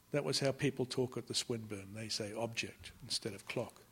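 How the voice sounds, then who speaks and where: A man narrating a literary novel in the first person, measured and often sinking to a hush. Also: medium pitch, slightly rough. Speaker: audiobook narrator.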